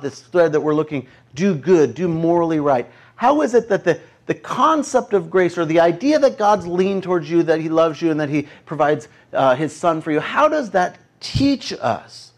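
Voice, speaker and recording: Male pastor, high-pitched, conversational preaching with animated storytelling. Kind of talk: sermon.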